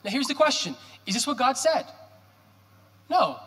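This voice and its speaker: Bright high-voiced preaching pastor. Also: male voice, unhurried, long pauses. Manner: animated, joking preacher with rhetorical questions. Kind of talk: sermon. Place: church sanctuary. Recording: reverberant church hall.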